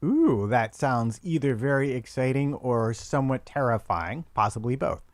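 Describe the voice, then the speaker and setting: A man co-hosting a casual podcast, wry and measured with slightly formal wording. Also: medium pitch, expressive, no room sound. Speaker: podcast co-host.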